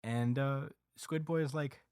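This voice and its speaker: A man hosting a podcast, casually recapping a story with lots of fillers and quick acted quotes. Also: medium pitch, steady tone, a little mellow, clear, resonant tone, dry recording, clean studio sound. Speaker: podcast host recapping a manga chapter. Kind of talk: casual chat.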